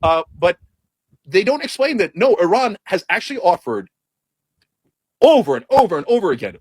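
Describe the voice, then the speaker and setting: A man's voice: high-pitched, big pitch swings, normal speed, long pauses, slightly rough, no echo. A man giving a heated, sarcastic, blunt political commentary rant.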